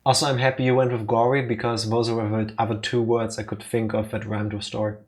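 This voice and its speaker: A man's voice: lowish voice, level tone. A man co-hosting a let's play, chatting casually and reading game dialogue aloud with a playful, punning manner. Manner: playful, punning, quick asides.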